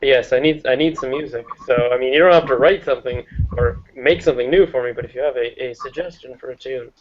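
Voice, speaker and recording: A man's voice: mid-range voice, fast talker, dull audio. A man chatting casually as a guest, hesitant with many ums, making dry jokes. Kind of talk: casual group chat.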